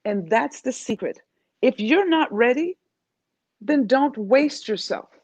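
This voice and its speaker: A woman from New York, a life coach, talking as a guest in an interview in an animated, emphatic way. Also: a little high, slow pace, breathy edge, no room sound. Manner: animated, emphatic, acts out quoted voices. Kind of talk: interview conversation.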